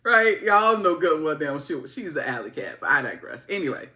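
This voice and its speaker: Woman, casual TV recap, animated, bright lively voice. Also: deep voice, normal speed. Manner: animated, playful, acts out characters in quotes. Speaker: TV show reviewer.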